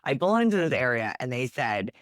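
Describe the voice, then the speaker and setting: A woman from New Jersey telling a story as an interview guest, lively, acting out the quotes with big jumps in her voice. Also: a bass voice, brisk, no echo, studio quality. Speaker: guest, animal rescue worker.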